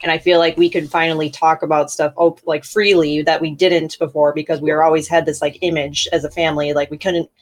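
A woman's voice: deep voice, level tone, a little fast, hardly any pauses. A young woman, an author and podcast co-host, speaking hesitantly in an interview with many fillers. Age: young adult. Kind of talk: candid conversational interview.

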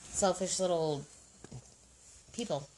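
A woman's voice: lowish voice, slow, a little mellow. A woman chatting casually as a podcast co-host, explaining her points and often checking in with "right?". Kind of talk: casual conversational chat.

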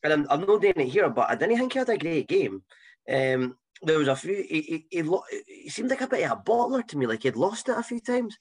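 A Scottish man on a podcast, retelling match moments in a hesitant, lively way. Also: fairly high pitch, brisk, breathy edge. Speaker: podcast co-host. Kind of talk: casual football chat.

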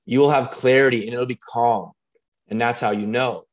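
A man working as a coach, talking casually and telling animated stories with lots of fillers and restarts. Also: medium pitch, moderate pace. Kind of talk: casual conversation.

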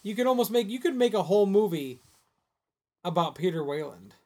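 A man's voice: sits high, animated, fairly quick, warm tone. A man co-hosting a podcast, talking casually about a movie and rambling through restarts. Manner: rambling, restarts, says "like" a lot. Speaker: podcast co-host.

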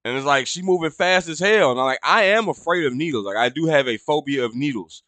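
A man with rambles through a grievance, swearing freely and pitching up when outraged. His voice sits a bit high with a bright, sharp edge. The recording is close and dry. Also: expressive, fast talker, no echo. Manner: profane, rambling, gets loud and high when indignant. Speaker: podcast host. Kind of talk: casual storytelling rant.

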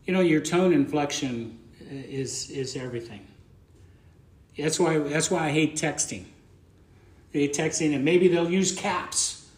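A man's voice: a little high, a little slow, darkish tone, roomy sound. A man preaching a conversational sermon as pastor, plain-spoken and folksy, often repeating words as he thinks aloud.

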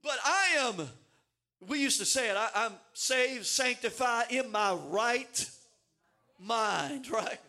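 A man preaching a sermon, animated and emphatic, with dramatic swings in his delivery and repeated words as he builds up. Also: very high-pitched, takes it slowly.

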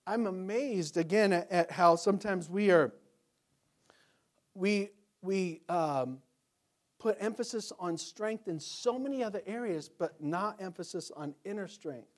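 A male pastor preaching a sermon, asking rhetorical questions, building in force and then dropping low. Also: measured pace.

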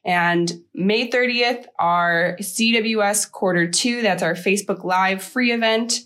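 A woman co-hosting a podcast, upbeat as she reads announcements and listener mail, her voice husky with a slight sore throat. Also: medium pitch, slow pace, a bit bright. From Chicago area. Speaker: podcast co-host. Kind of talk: casual podcast chat.

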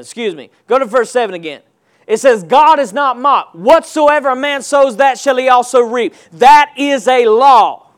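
A man preaching a sermon, calling on the congregation to answer back and stressing points with slow, emphatic delivery. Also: extremely high pitch. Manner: call-and-response preaching, rising to emphatic shouts.

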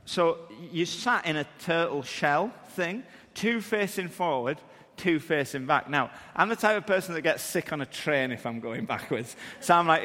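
A man, preaching and telling a funny story about himself in a lively way that acts out the scenes. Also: on the high side, moderate pace, hardly any pauses, long reverb tail. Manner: animated, self-deprecating, acts out scenes. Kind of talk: humorous sermon storytelling.

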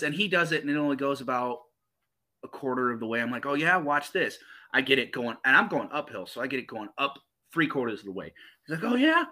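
Bright punchy guy telling crazy stories on a podcast, swears a lot. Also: medium pitch. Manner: animated, profane storyteller. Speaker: podcast host. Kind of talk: casual storytelling chat.

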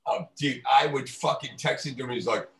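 A man's voice: medium pitch, steady tone, a little fast, vocal fry, a bit bright. A man ranting profanely in a casual podcast chat. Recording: roomy echo.

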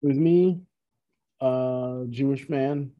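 A man's voice: medium pitch, slow, phone-quality sound. A man in casual conversation, telling a story with lots of restarts and asides. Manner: rambling, self-correcting, animated retelling. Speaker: podcast co-host, musician.

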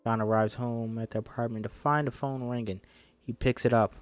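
A man's voice: mid-range voice, fairly even intonation, brisk, no room sound, soft background music. A man reading a screenplay aloud and breaking off for chatty, self-interrupting asides. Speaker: script reader and commentator.

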